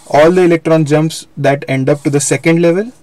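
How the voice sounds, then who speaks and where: Young male tutor, slightly high voice, dry close sound, patient explanatory delivery. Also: steady tone, brisk, a little mellow, no room sound. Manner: explanatory, repeats and self-corrects. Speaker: physics teacher. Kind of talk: live online lecture.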